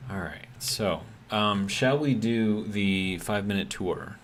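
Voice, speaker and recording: A man's voice: fairly low pitch, slow, a little hiss or hum. A man streaming a game live, talking casually and reading chat messages aloud, in an easygoing, hesitant way with lots of ums and self-corrections.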